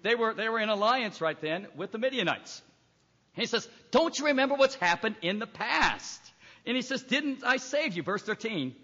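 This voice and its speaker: Preacher guy, really high bright voice, emphatic sermon, dull muffled recording. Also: lively intonation, normal speed. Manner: emphatic, reads scripture aloud and acts out voices. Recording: echoey hall, dull lo-fi recording.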